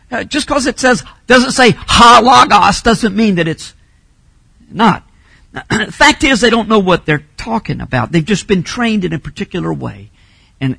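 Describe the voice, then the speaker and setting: A man preaching a teaching sermon with a high, bright voice. He explains grammar patiently, then drives his main points home with loud emphasis. The sound is dry and close. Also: gravelly, slightly rough, no echo. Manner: teaching, emphatic, rises to shouting on key phrases. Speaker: pastor.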